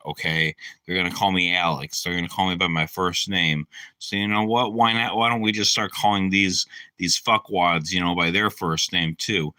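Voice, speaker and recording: A low-pitched man talks in a loose, meandering monologue full of fillers and profanity. His tone is hard and tightly pressed, and the recording is dry and close. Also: fairly even intonation, moderate pace, sharp tone, clear, resonant tone, no room sound. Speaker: channel host. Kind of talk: rambling casual monologue on a live stream.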